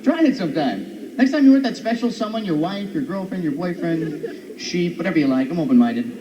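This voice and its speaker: A man doing a stand-up comedy set on stage, animated and jumping into high silly voices for his bits. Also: fairly quick. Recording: dull old recording from far off, noisy.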